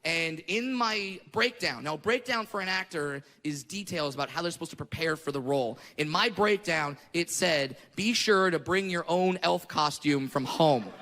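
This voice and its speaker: A man doing a stand-up comedy routine, ranting indignantly and rising to shouts. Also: fairly high pitch, expressive, normal speed, hardly any pauses. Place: comedy club stage. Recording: reverberant hall with audience noise.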